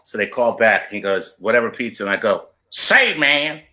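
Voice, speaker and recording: A man's voice: on the low side, brisk, slight background noise. A man, a comedian, telling a profane story in casual chat, acting out the other people in it. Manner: animated, profane storyteller doing voices. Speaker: comedian guest.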